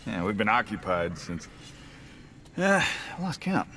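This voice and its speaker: A proud rebel god leader who talks in a mocking, sardonic way at a slow, measured pace. His voice sits at a middle pitch, with faint noise in the game audio. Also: very animated, pushed and bright, heavily acted. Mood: wry.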